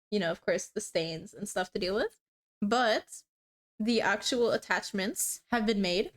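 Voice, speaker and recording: A young woman in her twenties chatting casually on a live stream as she repairs a cosplay, rambling and laughing as she talks. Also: fairly high pitch. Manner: giggly, rambling storyteller with frequent laughs and fillers. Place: home room while crafting. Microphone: streaming setup.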